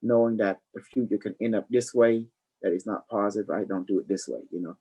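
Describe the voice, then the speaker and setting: A man's voice: lowish voice, fairly quick, mellow, breathy edge, rough recording. A man hosting a live stream, rambling loosely and preaching, dropping "you know" and calling people honey. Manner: affectionate, calls listeners honey. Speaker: livestream host.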